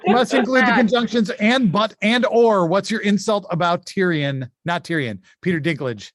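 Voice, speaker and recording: A man with a notably high voice hosts a comedy insult game from home over a video call. He is chatty and full of quick asides. The sound is dry, with no room echo. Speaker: game show host. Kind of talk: casual improv game hosting.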